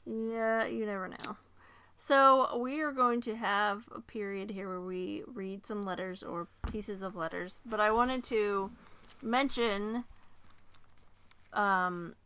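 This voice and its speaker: Woman co-hosting a book podcast, bright clear voice, middle pitch, chatty, reads bits aloud and cracks dry little asides. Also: steady tone, takes it slowly, slight background noise. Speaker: podcast co-host. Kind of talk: casual book chat.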